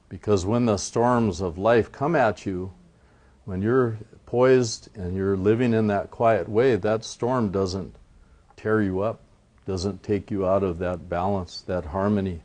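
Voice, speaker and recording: A man telling a traditional story as a teaching, in an unhurried, reflective way with many asides. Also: lowish voice, a little mellow. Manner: unhurried, reflective, frequent "you know".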